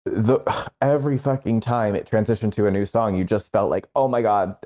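Wry deadpan man with a lowish voice. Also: a little fast. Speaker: podcast co-host. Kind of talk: casual chat.

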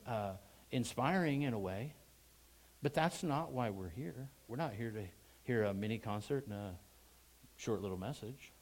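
Conversational preacher man, loud emphatic bursts. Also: medium pitch, rough recording. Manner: conversational, asks the congregation questions. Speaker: pastor. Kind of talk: sermon.

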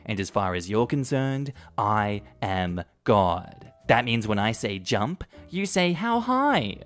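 A man's voice: lowish voice, sing-song, takes it slowly, a bit bright, faint music behind, exaggerated voice. A man voicing a domineering, entitled middle-aged mother in a narrated story, bossy and self-righteous. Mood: commanding.

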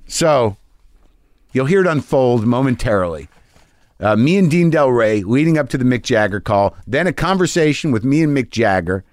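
A man hosting a podcast from his garage, telling a rambling, excitable story full of swearing and restarts. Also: mid-range voice, dry recording, clean studio sound. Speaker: podcast host. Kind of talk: casual storytelling monologue. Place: home garage studio.

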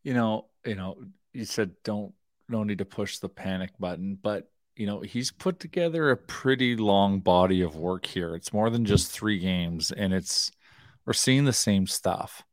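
A man's voice: on the low side, unhurried, dry recording, studio quality. A man co-hosting a hockey talk show from his home basement, talking loosely with plenty of fillers and restarts. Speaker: co-host, hockey analyst. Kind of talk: casual sports talk show. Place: home basement, door closed.

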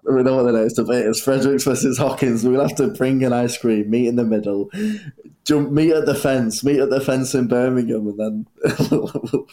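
A man's voice: mid-range voice, fairly even intonation, moderate pace, mellow. A man from North West England co-hosting a casual podcast, often hesitating and repeating words as he starts a thought. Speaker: podcast co-host. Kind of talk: casual chat.

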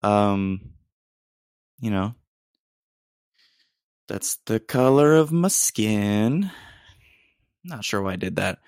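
A young American man hosts a casual solo podcast, rambling self-deprecatingly with lots of ums and restarts. His lowish voice has vocal fry. The recording is dry and of studio quality.

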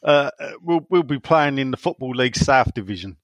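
A man's voice: mid-range voice, lively intonation, dry recording. A man hosting a casual football podcast, reading out listener messages and often stumbling over his first words. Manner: halting, repeats words as he starts. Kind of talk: casual chat.

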